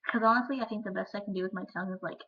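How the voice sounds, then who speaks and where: Chatty teen girl, gravelly lo-fi. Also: mid-range voice, steady tone, rapid-fire. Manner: chatty, rambling, lots of "like". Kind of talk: casual vlog chat. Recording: lo-fi webcam audio.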